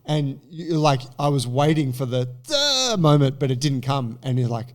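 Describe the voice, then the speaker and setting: A man's voice: medium pitch, fairly even intonation, moderate pace, a little mellow. A man co-hosting a podcast, telling stories in a laid-back way with casual slang and swearing. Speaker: podcast co-host. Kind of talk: casual chat.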